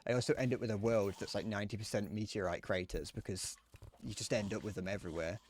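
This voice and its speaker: A young man with a lowish voice chats casually over his gameplay. He rambles, restarts his sentences often and chuckles along the way. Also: steady tone, fast, a little hiss or hum. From Britain. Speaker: streamer.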